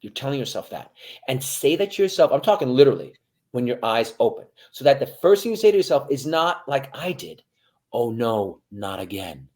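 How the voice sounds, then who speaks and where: A military veteran guest giving motivational interview talk, addressing listeners directly and swinging from hushed to loud. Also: male voice, medium pitch, very animated, fairly quick.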